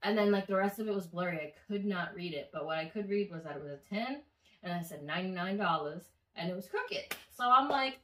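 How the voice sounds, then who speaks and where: Animated, foul-mouthed woman vlogger. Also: on the low side, a little fast, distant mic. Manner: animated, profane, acts out quoted voices. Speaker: vlogger recounting a dream. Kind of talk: casual storytelling vlog. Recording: echoey room, somewhat off mic.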